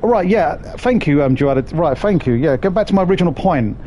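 A man's voice: a little high, expressive, fairly quick, dull audio, slight background noise. A man streaming a bus simulator, swearing and joking with his chat as he plays. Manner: sweary, jokey banter with chat. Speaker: gaming streamer. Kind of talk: live gameplay commentary.

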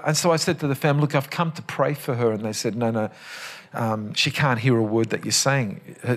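A man preaching a live sermon in church as pastor, speaking passionately and rising to emphatic high peaks. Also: husky.

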